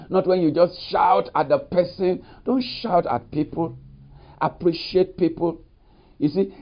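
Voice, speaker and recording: Lo-fi preacher, higher male voice. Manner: repetitive, uses "you see" and "you know" often. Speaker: pastor. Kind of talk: recorded sermon. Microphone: studio mic. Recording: dull lo-fi recording.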